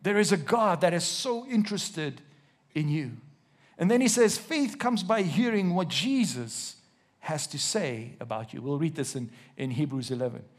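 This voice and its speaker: A man with a slightly high, animated voice preaches to a church congregation. He reads scripture slowly with emphasis, puts questions to the people listening, and jokes occasionally.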